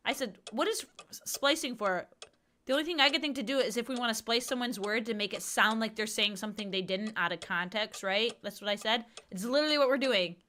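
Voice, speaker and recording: Bright, chatty young woman streamer. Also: on the high side, fast, few pauses. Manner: chatty, exclamatory, talks to chat. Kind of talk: casual livestream gaming chat.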